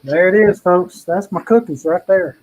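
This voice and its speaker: A man's voice: high voice, moderate pace, darkish tone, low-quality recording. A man hosting a casual cooking show, chatting in a folksy, rambling way. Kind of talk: casual live cooking chat.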